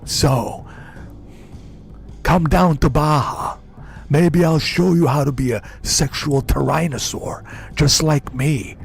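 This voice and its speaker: A man doing an impression of a boastful, macho older ex-governor who brags slowly and taunts his listener. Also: fairly high pitch, fairly even intonation, vocal fry. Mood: boastful taunting. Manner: slow, swaggering macho bragging.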